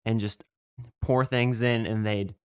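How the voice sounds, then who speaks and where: A man's voice: on the low side, fairly even intonation, unhurried, clear, resonant tone, no room sound, clean studio sound. A man talking bluntly in a casual group chat, swearing offhandedly.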